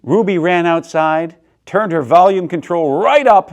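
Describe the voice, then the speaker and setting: A man reading a children's picture book aloud, swinging between soft and loud in an expressive way. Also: sits high, a little slow, hardly any pauses. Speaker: storyteller, theater director.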